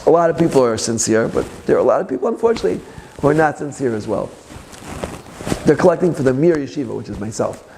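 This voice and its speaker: A man's voice: mid-range voice, fast talker, a little hiss or hum. A man speaking as a rabbi, giving a Torah class with personal stories and joking asides. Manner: animated storyteller with joking asides.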